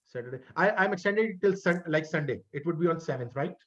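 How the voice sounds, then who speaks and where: Halting man teaching over a video call. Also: fairly high pitch, animated, a little hiss or hum. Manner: halting, repeats words, friendly and encouraging. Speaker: college web development instructor. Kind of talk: online class lecture wrap-up. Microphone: computer mic on a video call. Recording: dull lo-fi call audio.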